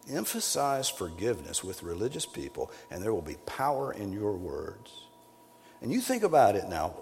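Man preaching in a reverberant hall. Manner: emphatic, rises to loud peaks then drops low. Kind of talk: sermon. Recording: long hall reverb, faint ambience.

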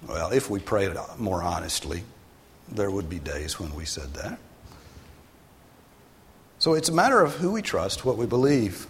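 A male pastor giving a sermon in a conversational way, sometimes rising for emphasis and then dropping low. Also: very animated, measured pace, pauses often, a little hiss or hum. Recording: long hall reverb.

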